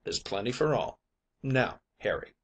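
A man's voice: medium pitch, expressive, a little slow. A man reading an audiobook, voicing a cocksure ship's mate with a persuasive, wheedling manner. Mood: offhand. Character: crafty ship's mate, male, middle-aged, cocksure. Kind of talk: audiobook character voice.

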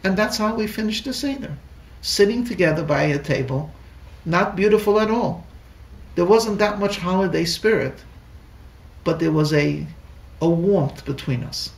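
A man, a rabbi, telling a story in a sermon, halting and repeating words, heard in an echoey room from a distant mic. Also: high-pitched, creaky. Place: lecture room in a Torah center.

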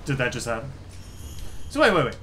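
A young man co-hosting a casual let's-play, reacting loudly, swearing and reading item text aloud. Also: mid-range voice, wildly swooping pitch, brisk, soft background music. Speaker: co-host of a gaming channel.

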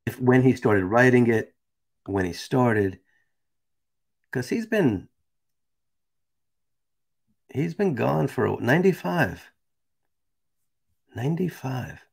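Creaky-voiced male stream host. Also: mid-range voice, lively intonation, slow pace, pauses often. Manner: casual, chatty, asides to the chat. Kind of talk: reading a text aloud and chatting with viewers.

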